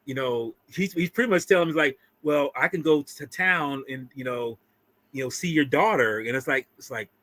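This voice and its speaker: A man co-hosting a casual film review, talking with animated energy, swearing freely and acting out what characters say. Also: mid-range voice, moderate pace.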